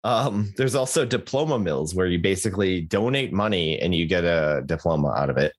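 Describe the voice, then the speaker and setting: Animated and brisk with few pauses, a young man with a voice that sits low co-hosts a podcast. He chats casually, dropping jokey asides and lots of fillers and restarts.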